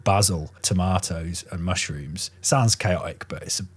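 A man co-hosting a casual comedic chat, swearing freely and rambling, with a husky voice. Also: low voice, a little slow.

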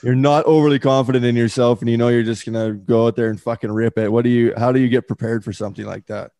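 Co-host, male, mid pitch, casual and profane, dry close sound. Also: fairly even intonation, quick pace, mellow, no room sound. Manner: casual, swears. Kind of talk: casual interview chat.

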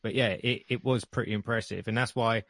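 A man, chatting in a relaxed way on a podcast, often saying "like". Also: mid-range voice, fairly quick, no room sound, studio quality. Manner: relaxed, chatty, uses "like" a lot. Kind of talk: casual chat.

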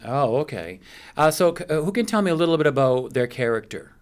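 A middle-aged man hosts a local radio program from a studio. His delivery is loose and chatty, full of ums and playful asides, at an ordinary mid pitch for a man. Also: big pitch swings, fairly quick, clear, resonant tone. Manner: chatty and playful, with many fillers. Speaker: radio show host. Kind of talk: casual radio interview.

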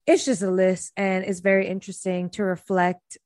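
A woman's voice: mid-range voice, little pitch movement, moderate pace, darkish tone, dry recording. Chatty reflective woman, dry sound. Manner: reflective, chatty, uses many fillers. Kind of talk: casual chat.

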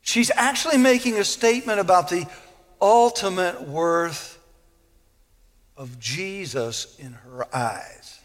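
Male preacher, very high voice, earnest sermon, emphatic repeats, long hall reverb. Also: slow pace. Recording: long echo of a large hall.

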